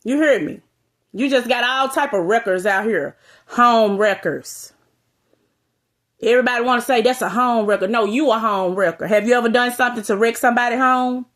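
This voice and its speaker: A woman's voice: fairly high pitch, normal speed, fairly bright tone. Blunt, profane woman ranting to camera. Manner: blunt, profane, calls out listeners with "you hear me?". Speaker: vlogger. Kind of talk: direct-to-camera rant.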